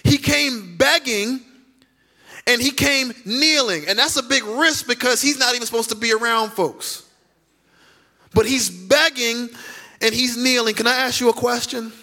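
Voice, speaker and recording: A pastor with a high, bright, ringing voice preaches from the pulpit of a church sanctuary. He keeps it conversational, putting direct questions to the congregation, using dramatic pauses, and drawing out key words for emphasis.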